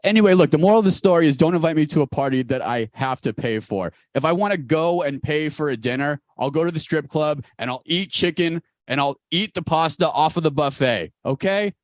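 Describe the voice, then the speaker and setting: A male podcast co-host talks fast and tells his stories with lots of energy, his voice swinging widely up and down. The sound is close and dry. He is chatting over a video call. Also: no room sound. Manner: rapid, animated storytelling with big pitch jumps. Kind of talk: casual podcast chat. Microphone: recorded over a video call.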